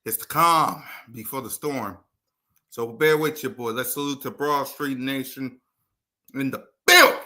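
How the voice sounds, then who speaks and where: A man hosting a casual sports livestream, shouting out viewers by name in a hyped, chatty way, a little out of breath. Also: mid-range voice, measured pace. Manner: hypes viewers, shouts out names. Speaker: host.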